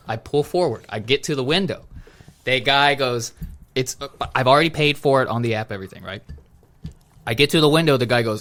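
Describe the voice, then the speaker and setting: A man chatting casually on a podcast, telling animated stories and calling his friends "dude" and "bro". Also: mid-range voice, brisk. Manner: animated storytelling, acts out quoted exchanges; says "dude" and "bro" a lot. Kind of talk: casual chat.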